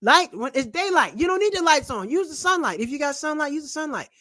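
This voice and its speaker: A high, bright-voiced man rants loudly and playfully to his camera, tossing out money tips with slang and jokes. His voice is forceful and sharp. The recording is dry and close, with no room echo. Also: fast talker. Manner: loud, animated, slangy and joking. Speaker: channel host and comedian. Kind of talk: casual personal finance vlog rant. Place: at home, seated in a chair. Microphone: camera mic.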